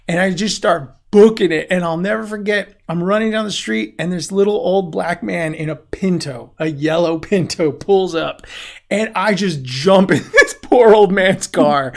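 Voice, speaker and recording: A male podcast host telling a story in casual chat, animated and laughing often. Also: high voice, gravelly. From Mexican-American.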